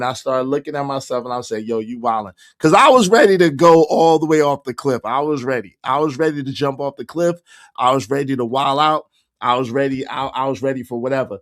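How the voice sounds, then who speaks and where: A hoarse man, hosting a casual livestream and shouting out his viewers by name. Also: mid-range voice. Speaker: livestream host reading chat.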